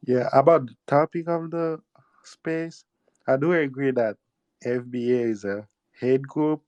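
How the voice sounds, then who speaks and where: A man's voice: medium pitch, measured pace, darkish tone, dry recording, muffled recording. A man with a Haitian accent calling into a talk show, blunt and pushing back hard. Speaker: caller. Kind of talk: argumentative call-in talk.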